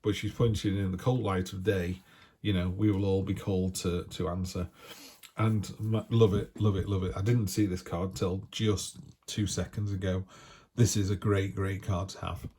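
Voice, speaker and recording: A man's voice: low voice, little pitch movement, normal speed, mellow, slight background noise. A man giving a casual, encouraging weekly tarot reading, chatty and full of restarts. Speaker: tarot reader.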